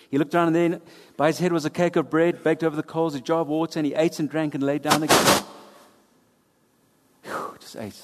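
Animated preacher man in an echoing hall. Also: on the high side, fairly quick, very noisy. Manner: animated preaching with big swings from loud to hushed. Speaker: pastor. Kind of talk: sermon. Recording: long hall reverb.

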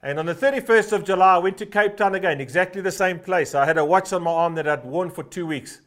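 Pastor guy, 50s, kinda high voice, preaching hard, lots of uh's and repeating the same line over n over. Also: fast, a bit bright. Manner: fervent, repeats a short refrain for emphasis; storytelling with frequent "uh" fillers. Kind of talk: sermon.

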